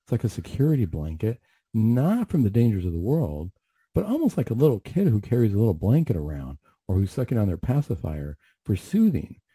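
Dark-voiced, husky male radio host. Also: on the low side, big pitch swings, a little fast, no echo. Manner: earnest, retelling a tense encounter with many restarts. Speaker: radio show host and clinician. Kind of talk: storytelling on a talk radio show.

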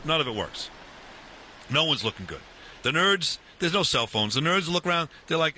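Man, fifties, very bright voice, lively pitch, animated storytelling, faint background noise. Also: moderate pace. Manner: animated, restarts, acts out dialogue. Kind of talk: casual storytelling chat.

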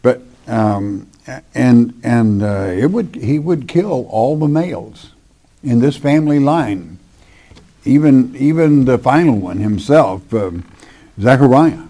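A man's voice: medium pitch, expressive, warm tone. A man teaching the Bible verse by verse, reading scripture aloud, then commenting in a conversational, hesitant way. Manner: slow and deliberate, with hesitations. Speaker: preacher.

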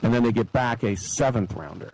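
A man's voice: mid-range voice, fairly quick, creaky, a little mellow, husky, no echo, rough recording. A middle-aged man hosting a sports talk show, chatty and digressive, drifting into side stories and acting out quoted voices. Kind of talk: casual sports commentary monologue.

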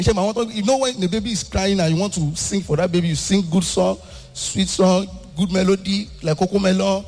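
High-voiced Nigerian comedian shouting on stage. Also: male voice, fairly quick, long reverb tail. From Ibadan, Nigeria. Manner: animated, switches between shouting and sing-song delivery. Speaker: stand-up comedian. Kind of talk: stand-up comedy.

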